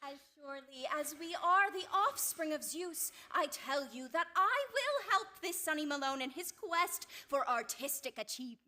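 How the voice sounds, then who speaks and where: A woman's voice: sits high, lively intonation, normal speed, hardly any pauses, pushed and bright. A woman acting in a stage musical rehearsal as a theatrical young muse leader, declaiming in a lofty mock-archaic way. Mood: conspiratorial. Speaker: stage actor.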